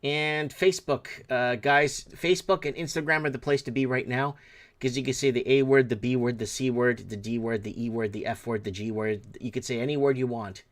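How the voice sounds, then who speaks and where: A man's voice: mid-range voice, fairly quick. A middle-aged man hosting a livestream show, talking casually in a rambling, blunt way and swearing freely.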